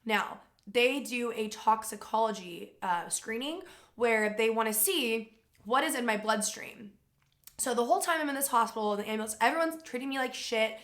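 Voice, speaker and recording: A young woman with a fairly high voice tells a personal story straight to camera. She talks casually and with lots of feeling, swears freely and acts out what other people said along the way. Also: moderate pace, a bit bright. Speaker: vlogger.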